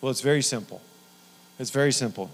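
A man's voice: mid-range voice, brisk. A middle-aged man preaching a sermon in a folksy, rambling way, with many restarts. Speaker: pastor. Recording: long hall reverb.

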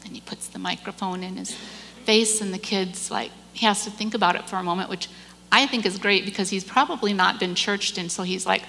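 A woman giving a church message, telling a story with animated delivery and acting out the people in it. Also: medium pitch, brisk, big-room sound, slight background noise. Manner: animated storyteller, acts out quoted voices, repeats words. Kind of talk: sermon storytelling.

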